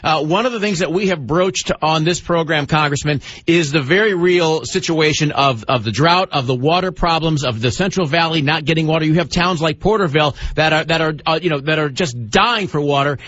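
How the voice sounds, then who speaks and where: A man's voice: a little high, brisk, few pauses, fairly bright tone. A man hosting a radio talk show, pressing his guest with long, emphatic, multi-part questions over dull lo-fi broadcast audio. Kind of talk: pointed radio interview questioning.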